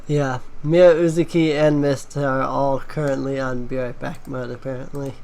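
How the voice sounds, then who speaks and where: A man playing a tabletop game who speaks in a slow, drawn-out way. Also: medium pitch, level tone, gravelly, a little mellow. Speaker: player.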